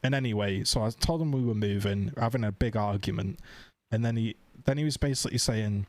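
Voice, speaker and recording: A British man streaming, telling a story in casual, animated chat and swearing freely. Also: fairly low pitch, fairly quick, no room sound. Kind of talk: casual chat, ranting anecdote.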